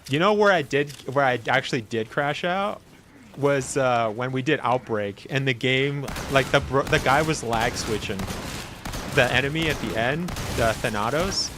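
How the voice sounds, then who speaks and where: A young man streaming a game, excitable and laughing often as he talks to the characters on screen and reacts to chat. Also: mid-range voice, normal speed. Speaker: gaming streamer. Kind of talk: casual live-stream commentary. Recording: clear background noise.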